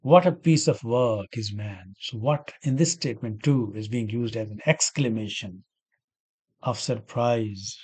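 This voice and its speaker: A man's voice: mid-range voice, unhurried, darkish tone, slightly rough. A man lecturing on grammar, working through example sentences and asking himself questions before answering them. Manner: repeats key words and asks himself questions. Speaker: English grammar teacher. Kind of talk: explaining grammar examples step by step.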